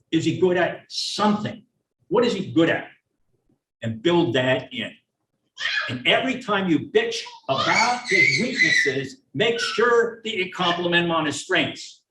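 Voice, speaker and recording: An older man, a retired child neuropsychologist, giving a blunt, folksy talk to parents and acting out parents and teachers in quick asides. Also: high-pitched, pushed and bright. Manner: blunt, folksy, plain-spoken. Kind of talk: public lecture to parents. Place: meeting room or auditorium. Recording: roomy, from a distance, faint hiss.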